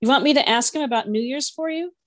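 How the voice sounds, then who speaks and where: A woman's voice: high-pitched, fast talker, no room sound, clean studio sound, pitched above the performer's own voice, natural voice. A woman voicing a poised, condescending teenage older sister who speaks with a superior air.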